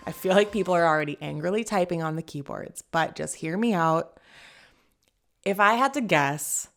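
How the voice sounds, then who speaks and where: A woman hosting a casual commentary show, chatty and hedging, often laughing as she talks. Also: fairly low pitch. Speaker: podcast host.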